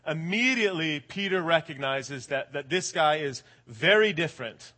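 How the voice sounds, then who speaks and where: High-voiced young preacher, animated. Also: male voice, brisk, few pauses. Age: late 20s. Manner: animated, colloquial, keeps asking "right?". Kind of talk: sermon.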